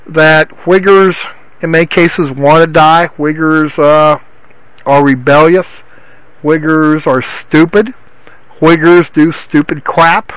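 High-voiced man giving rambling Bible teaching. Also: fairly bright tone, no room sound, low-quality recording. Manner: rambling, repeats himself with many restarts and "you know".

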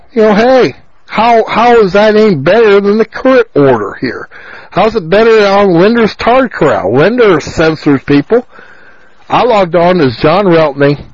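Male talk radio host, high voice, slow insistent rant, dry muffled lo-fi sound. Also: a little mellow, dry recording. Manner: ranting, insistent, repeats phrases.

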